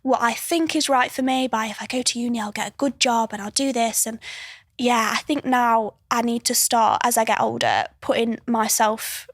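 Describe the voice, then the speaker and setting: A woman's voice: a little high, fairly even intonation, normal speed, no room sound, clean studio sound. A woman in her twenties, a podcast guest who tells stories in a chatty way and laughs as she talks. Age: 20s. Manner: chatty, laughs through stories, frequent restarts and likes. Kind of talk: casual chat, storytelling.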